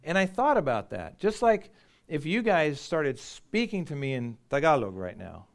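A middle-aged American man preaching, mixing a personal story with lively, conversational emphasis and occasional laughs. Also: on the high side, moderate pace, vocal fry. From United States.

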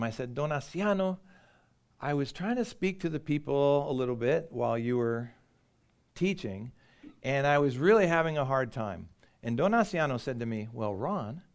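A man's voice: medium pitch, moderate pace, clear, resonant tone. American man preaching a story-driven sermon. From United States. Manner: conversational, animated storytelling with laughs.

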